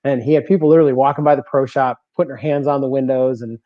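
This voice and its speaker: This guest bowler talks very fast in a steady, medium-pitched voice, laughing often and repeating words while telling casual, animated stories for a podcast interview. The lo-fi recording is dry and slightly dull, with no room sound.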